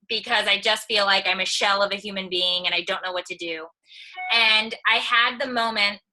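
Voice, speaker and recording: On a live video stream, a mom who makes online videos gives a chatty, candid motivational talk full of humorous storytelling. Her fairly high voice sounds pushed and bright, and the audio is poor.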